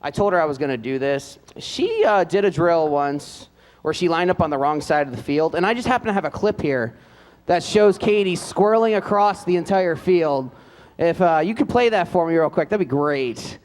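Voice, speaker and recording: Announcing the seniors at a live school band event, a man reads their notes with filler words and playful asides. His voice is a little high, animated, and moderately paced, and long hall reverb surrounds it.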